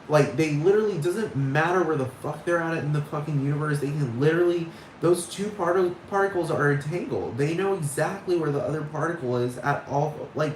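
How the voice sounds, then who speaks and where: A speaker ranting in a casual monologue, swearing constantly and rambling with many "like"s and "dude"s. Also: medium pitch. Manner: heavy swearing, rambling and exasperated; repeats phrases, many fillers like "like" and "dude". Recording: echoey room with faint background noise.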